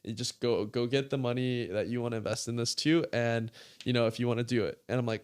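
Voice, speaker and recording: A man telling a story in a casual interview, animated, full of "like", acting out what people said. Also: medium pitch, fast talker. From California. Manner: animated, fills speech with "like", acts out quoted dialogue. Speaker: guest creator.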